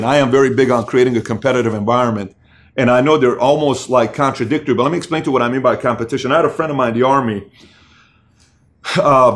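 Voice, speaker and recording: A middle-aged man hosting a show, telling stories in an excited, animated way, acting out the voices of the people in them. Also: medium pitch. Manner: excited, acts out voices in anecdotes, frequent fillers. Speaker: podcast host and business owner. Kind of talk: animated storytelling monologue.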